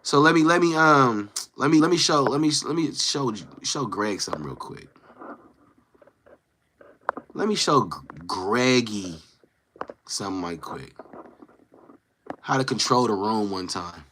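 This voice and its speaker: Teasing young man with a bright, forceful voice. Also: medium pitch, expressive, unhurried, long pauses, a little hiss or hum. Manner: teasing, playful trash talk. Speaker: live streamer talking to chat. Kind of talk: casual live-stream chat.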